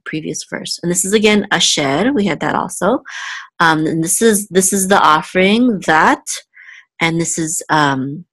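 A woman teaching a one-on-one Hebrew reading lesson, explaining letters and vowels step by step with many pauses and restarts. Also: on the low side, fairly bright tone.

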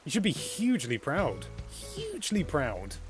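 An excitable British man talks over a live gameplay stream, gushing with praise. His voice sits a bit high and swings all over the place. Soft music plays faintly behind him. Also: measured pace. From Britain. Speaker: livestream host.

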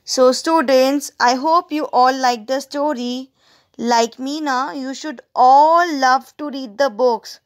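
A woman's voice: sits high, slow pace. A woman teacher reading a story aloud to students, stopping to explain words and ask them questions. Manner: explains word meanings to students; asks the listeners questions.

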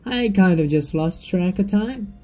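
A man's voice: high-pitched, lively intonation, measured pace, mellow, soft background music. A man voicing a poised, polite teenage girl who leads a school club, reading her lines aloud. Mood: calm. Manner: polite, apologetic.

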